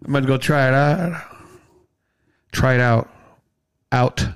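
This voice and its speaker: A man co-hosting a casual podcast, joking around with slow, drawn-out phrases. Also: medium pitch, steady tone, clear, resonant tone. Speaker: podcast co-host. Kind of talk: casual chat.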